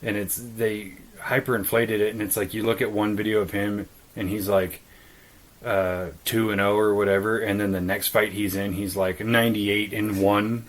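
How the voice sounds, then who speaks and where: A man with a fairly low voice chats casually as a podcast co-host. He talks bluntly, swears freely, and mocks people with quick put-on quotes. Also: little pitch movement, poor audio. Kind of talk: casual chat.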